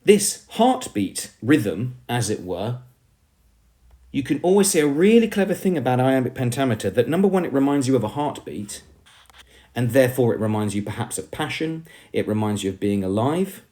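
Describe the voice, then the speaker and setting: A man's voice: mid-range voice, sing-song, moderate pace, dark tone. A male teacher with an English accent giving an emphatic poetry lesson, often calling the class "everybody".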